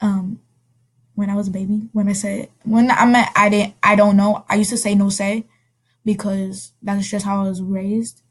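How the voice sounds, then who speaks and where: A woman casually telling a personal story as a vlogger, rambling and correcting herself with quick asides. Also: mid-range voice, little pitch movement.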